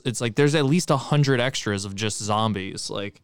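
A man co-hosting a movie-review podcast, talking in an easygoing, joking way. His voice is smooth and resonant, and it sounds close and dry with no room echo. He laughs often and keeps the chat light. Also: on the low side, moderate pace. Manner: relaxed, joking, laughs easily. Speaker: podcast co-host.

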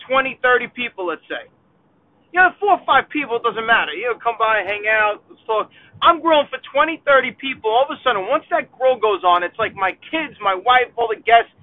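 A middle-aged man rants casually while he drives. His voice is very high for a man, and the sound is thin, tinny and phone-like. It is dry, with no room echo at all. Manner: exasperated, acts out other people's requests. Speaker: sports podcast host. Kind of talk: casual monologue rant. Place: in a car while driving.

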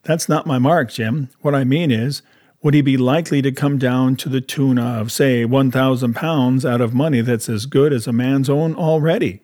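Brief: a man playing an excitable, rambling old marooned sailor in an audiobook, rustic talk, raised pitch and volume. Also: normal speed, lightly acted. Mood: wheedling. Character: half-crazed marooned old male castaway, excitable and rambling. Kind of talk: audiobook character voice.

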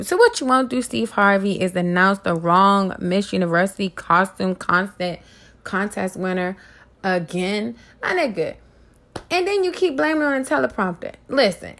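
A woman's voice: on the high side, creaky, a bit bright. A woman hosting her own podcast, riffing on celebrity gossip in a brash, profane, mocking way. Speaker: podcast host. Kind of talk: casual gossip commentary.

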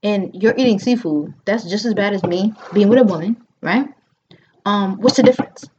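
Animated woman telling a story, lo-fi. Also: medium pitch, normal speed, a little hiss or hum. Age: 30s. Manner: animated, acts out quotes, frequent fillers. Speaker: podcast host. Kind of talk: casual chat, storytelling. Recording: dull lo-fi sound.

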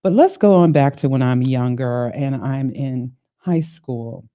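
A woman in her later years hosting her own podcast, telling her life story in an animated way with frequent laughter. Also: extremely low pitch, unhurried. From Ohio, United States. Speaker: podcast host. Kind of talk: solo podcast monologue.

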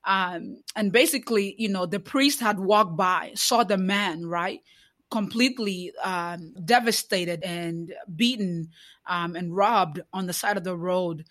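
A woman's voice: fairly low pitch, a little slow, fairly bright tone. A woman speaking in an interview, building into an impassioned preaching cadence with repeated rhetorical questions. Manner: many fillers and restarts. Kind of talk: conversational interview.

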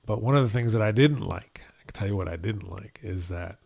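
Male podcast co-host, gravelly voice, chatty storyteller, halting delivery. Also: lowish voice. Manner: animated storytelling, many fillers and restarts. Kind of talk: casual chat.

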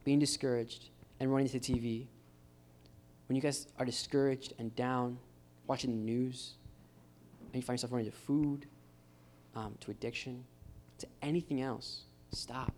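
A man's voice: mid-range voice, fairly even intonation, normal speed, a little mellow, a little hiss or hum. A man preaching a casual, encouraging sermon at a church gathering. He speaks informally and keeps calling his listeners "guys.". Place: church gathering with live guitar. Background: faint guitar.

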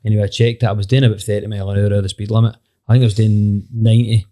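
A man's voice: lowish voice, little pitch movement, very fast, mellow. A man, a band member telling a wry, laughing anecdote in a casual chat.

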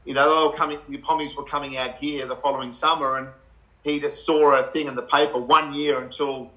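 A middle-aged Australian man, a guest in a casual chat, telling animated stories with laughs and acted-out quotes. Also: mid-range voice, a little fast, poor audio.

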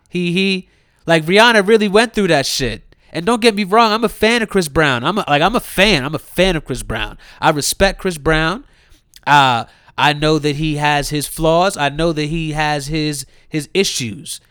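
A young man tears through a profane comedic rant, his voice sitting a little high. He swings from sudden loud outbursts to sarcastic mutters. The sound is close and dry, with no room around it. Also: smooth, dry recording. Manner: heated, mocking, swinging between loud outbursts and muttered asides. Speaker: commentator.

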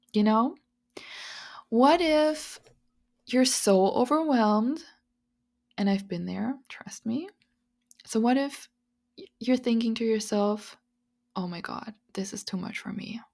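A woman hosting a podcast, talking through spiritual advice in an earnest, confiding way, with many "like"s and soft breathy asides. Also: medium pitch. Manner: earnest, confiding, full of "like" and "you know". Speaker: podcast host. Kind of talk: casual spiritual monologue.

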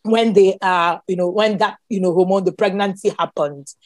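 A woman's voice: medium pitch, fairly even intonation, normal speed, no echo, studio quality. A woman with a Nigerian accent, a guest animatedly telling a personal story. She exclaims often and laughs as she talks.

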